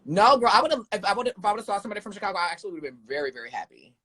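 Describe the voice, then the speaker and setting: A young man, a drag performer guest in a casual live chat, animated and sassy, calling people "girl" and "honey". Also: high-pitched, racing, breathy edge.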